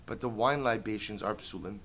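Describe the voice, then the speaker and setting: A man's voice: on the low side, brisk, a bit bright. A middle-aged man teaching a Talmud class, explaining step by step, repeating key phrases and asking and answering his own questions, with Hebrew and Aramaic terms mixed in.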